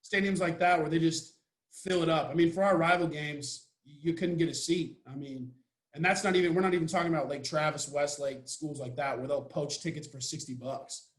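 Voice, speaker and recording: A man's voice: on the high side, fairly even intonation, a little fast, roomy sound. A young man from Texas, a college football player, talking casually and jokingly as a podcast guest. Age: young adult. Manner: laid-back, rambling, joking.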